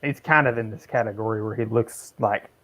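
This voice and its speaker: A man's voice: fairly low pitch, steady tone, brisk, bright, forceful tone, no echo. A man co-hosting a podcast in casual chat, teasing and egging the others on. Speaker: podcast co-host.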